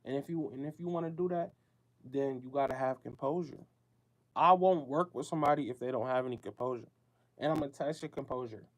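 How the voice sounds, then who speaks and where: A man's voice: mid-range voice, brisk. Slangy man talking betting to listeners. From United States. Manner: loose, slangy and repetitive, talking straight to listeners. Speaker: show host. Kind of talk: casual talk-show monologue.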